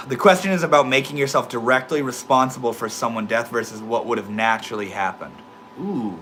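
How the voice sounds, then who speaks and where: A man's voice: mid-range voice, fairly quick, bright, forceful tone, slight background noise. A young man with a slight lisp, talking casually to his livestream chat, laid-back and swearing freely. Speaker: livestream host reading chat.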